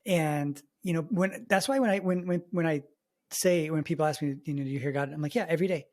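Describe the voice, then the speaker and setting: Brief: male podcast co-host, lively anecdote teller who voices the people he quotes. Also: on the high side, fairly quick. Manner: animated storyteller, acts out quoted voices. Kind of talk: casual chat.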